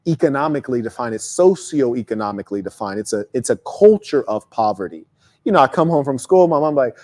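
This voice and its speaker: A man hosting a live talk, telling profane, animated stories and acting out quotes. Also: on the high side. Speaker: host and speaker.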